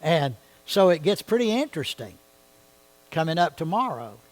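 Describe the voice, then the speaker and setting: A man's voice: fairly high pitch, sing-song, normal speed, poor audio. A man leading a church Bible study, talking conversationally and often asking his listeners questions. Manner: conversational, asks the audience questions.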